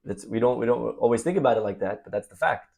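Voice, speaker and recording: A man's voice: medium pitch, quick pace, vocal fry. A rabbi teaching a Torah class, reading Hebrew verses aloud, translating them and calling his listeners "my friends". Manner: animated, addresses listeners as "my friends".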